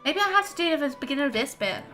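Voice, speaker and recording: A woman's voice: high voice, very animated, racing, pushed and bright, soft background music. A young woman streaming a game, chatty and giggly as she reacts to her chat. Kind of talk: casual gameplay chat.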